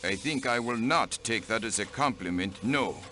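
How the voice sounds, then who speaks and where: Haughty game count, low bright voice, clipped, cold, faint hiss. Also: male voice, lively intonation, moderate pace. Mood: stiff. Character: haughty middle-aged male diplomat count. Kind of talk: video game voice acting.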